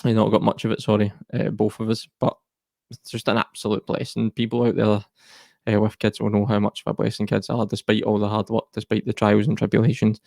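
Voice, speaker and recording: A Scottish man talks as a guest in an earnest, reflective way. His low voice has a gravelly rasp and stays fairly level. The sound is dry and close. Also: monotone, fairly quick, warm tone, no room sound. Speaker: guest, mental health charity co-founder. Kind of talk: personal interview talk.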